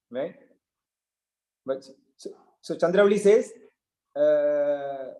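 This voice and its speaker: A man's voice: fairly high pitch, takes it slowly, pauses often, mellow, roomy sound, poor audio. A man giving a devotional scripture talk, retelling a story and often checking in with "right?". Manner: storytelling with frequent "right?" asides. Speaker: preacher.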